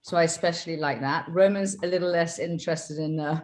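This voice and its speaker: A British woman, a film director, answering interview questions over a video call, thoughtful and pausing with many fillers. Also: deep voice, fairly even intonation, darkish tone.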